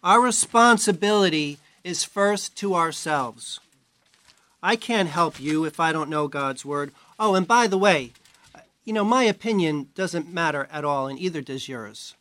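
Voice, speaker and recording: A man's voice: fairly high pitch, expressive, measured pace, sharp tone, no room sound. A man from New York giving a conversational sermon as a Bible teacher, with chatty, self-mocking asides.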